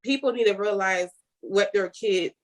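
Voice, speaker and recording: A woman's voice: medium pitch, moderate pace. Single mom guest, open and emotional, telling her own story. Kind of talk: personal conversation.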